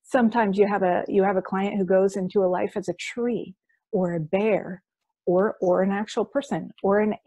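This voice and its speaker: A woman practitioner describes her hypnosis sessions in an eager, flowing interview manner. Her voice is warm and mellow, recorded close and dry with no room sound. She tends to list things off in quick succession. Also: medium pitch, steady tone, no echo. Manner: enthusiastic, explanatory, lists things in quick runs. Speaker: quantum healing hypnosis practitioner. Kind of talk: conversational interview.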